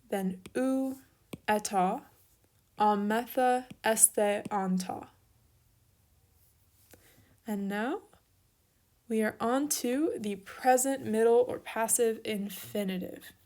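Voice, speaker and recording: Young woman, slightly high voice, patient step-by-step teacher for a recorded lesson. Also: slow, pauses often, dark tone. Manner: patient, step-by-step explaining while writing. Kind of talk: recorded online grammar lesson.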